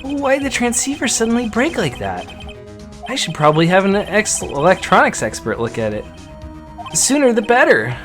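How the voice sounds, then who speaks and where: A woman's voice: mid-range voice, huge pitch swings, moderate pace, faint music behind. A woman voicing a flustered young male defense attorney, anxious and pleading, in a fan dub of a game. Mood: alarmed.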